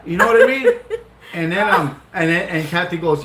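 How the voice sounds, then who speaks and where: A man's voice: sits high, animated, normal speed. A man, telling a long, profane story in a casual vlog while laughing through it. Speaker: vlog co-host. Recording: echoey room with loud noise.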